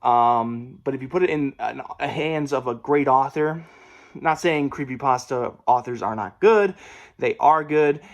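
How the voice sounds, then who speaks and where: A young man in casual talk about his book haul, at an ordinary middle pitch. He rambles, corrects himself often and stumbles over words with a slight stutter. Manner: rambling, with fillers and self-corrections; mild stutter. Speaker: book vlogger. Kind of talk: casual video chat about books.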